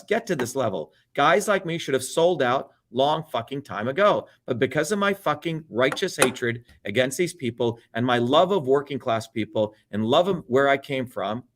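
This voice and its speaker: This man speaks in a fairly high voice and rants with heat and plenty of swearing. He hammers his points home as an interview guest, chanting the same line over and over. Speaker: political candidate guest. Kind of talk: heated profane rant.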